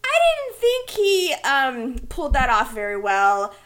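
Lively bright-voiced woman ranting about a movie, laughs a lot. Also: sits high, unhurried. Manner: animated, laughs often, exasperated. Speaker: podcast co-host. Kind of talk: casual movie review chat.

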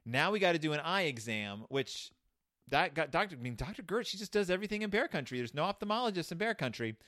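Dude ranting jokey about a kids book, stumbles and restarts a lot, voice all over the place. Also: male voice, fairly high pitch, fast, no echo, clean studio sound. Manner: rambling, animated, with many restarts. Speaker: podcast host reviewing a children's book. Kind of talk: comedic commentary.

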